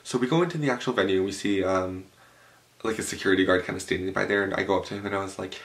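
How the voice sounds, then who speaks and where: Animated young man, swearing storyteller. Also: deep voice, very fast. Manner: animated, profane, full of fillers. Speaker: vlogger. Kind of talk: storytime vlog. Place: home room with a cloth backdrop.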